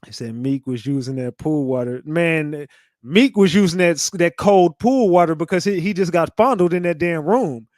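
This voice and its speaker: Animated, mocking man ranting. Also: a little high, normal speed, no echo, studio quality. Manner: animated, mocking, laughs often. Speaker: commentary channel host. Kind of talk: casual commentary rant.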